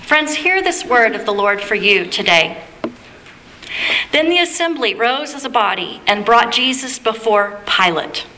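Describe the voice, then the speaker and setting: Bright-voiced woman reading scripture. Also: a little high, expressive, a little hiss or hum. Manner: measured, reverent reading. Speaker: scripture reader. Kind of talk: liturgical Bible reading.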